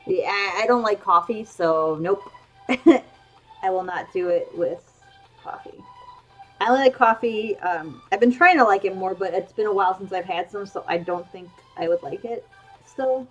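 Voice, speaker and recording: Woman streamer with a lower voice, rambling casual chat full of ums, dull lo-fi audio and faint music underneath. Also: normal speed. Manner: rambling, with frequent ums and restarts. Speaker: streamer drawing emotes. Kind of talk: casual chat while drawing.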